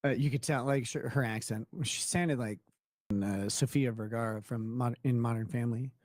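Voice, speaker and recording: A man's voice: medium pitch, steady tone, moderate pace, darkish tone, no room sound, studio quality. A young man hosting a casual talk show, telling a rambling anecdote with many restarts and laughing at his own tale. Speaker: show host. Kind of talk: casual storytelling chat.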